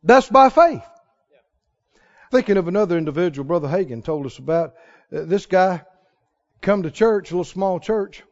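High-voiced preacher man in an echoing hall. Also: moderate pace, long pauses. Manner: animated storytelling with chuckles. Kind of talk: sermon. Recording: reverberant hall, muffled sound.

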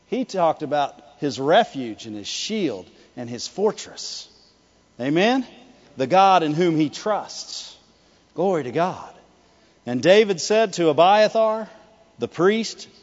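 A male preacher giving an animated sermon, swinging between loud declarations and hushed asides, often laughing and calling for the congregation's response. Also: high-pitched. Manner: laughs often, calls for "Amen" and "Right". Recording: dull lo-fi sound with long hall reverb.

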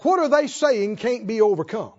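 A man's voice: extremely high pitch, big pitch swings, normal speed, muffled recording. A man preaching a sermon, asking questions and answering them in a folksy, call-and-response way.

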